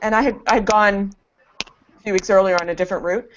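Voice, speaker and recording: A woman's voice: medium pitch, steady tone, quick pace. Wry woman panelist chatting over a muffled, slightly hissy web call. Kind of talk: casual panel chat. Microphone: video call. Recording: dull lo-fi web call with faint hiss.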